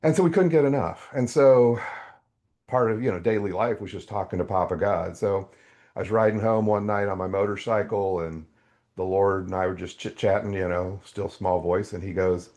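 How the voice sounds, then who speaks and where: An older man, a podcast guest, telling a faith testimony as an animated storyteller whose voice leaps up when excited. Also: lowish voice, normal speed.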